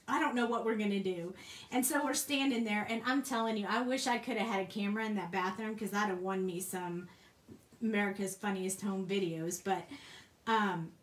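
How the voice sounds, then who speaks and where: A woman hosting a crafting video, telling a lively story in a casual way, laughing often and acting out the people she quotes. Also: medium pitch, moderate pace. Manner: animated, laughs often, acts out quoted voices. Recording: echoey room.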